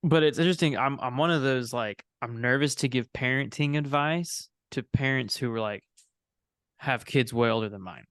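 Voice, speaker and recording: A young adult man talks on a casual podcast, circling through an anecdote and stopping to correct his own details. His voice is smooth and clear at a middling pitch. It is recorded close and dry, with no room sound. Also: moderate pace, fairly bright tone, no echo. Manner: rambling storyteller, frequent self-corrections. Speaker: podcast co-host and student minister.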